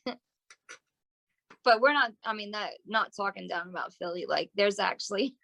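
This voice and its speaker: A woman's voice: medium pitch, moderate pace, creaky, a bit bright, no echo. A woman from the Southern US, a touring musician in casual chat, giggling often as she chimes in. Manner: giggly, chiming in with laughter. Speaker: touring band musician, guest.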